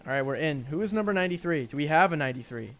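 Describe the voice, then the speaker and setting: A talkative man with a New York accent hosts a streamed game tournament and calls the action. He drifts into rambling asides to his viewers between plays. His voice sits a little high, and faint music runs underneath. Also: animated, racing, a bit bright. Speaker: tournament host and spectator caster. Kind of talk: live-streamed game commentary.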